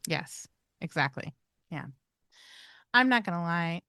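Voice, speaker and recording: A woman's voice: lowish voice, expressive, takes it slowly, pushed and bright, no room sound, clean studio sound. A woman co-hosting a pet behavior podcast, explaining ideas in a bubbly way and laughing often. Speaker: podcast co-host, animal behavior trainer. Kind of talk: casual chat.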